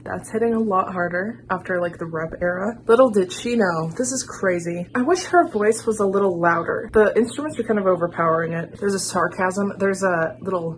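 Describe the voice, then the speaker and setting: A woman's voice: medium pitch, normal speed, hardly any pauses, slight background noise, rough recording. A young woman chatting casually as she reacts to an album, gushing and filling her talk with "like". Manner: gushing, chatty, many "like" fillers. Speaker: music reaction vlogger.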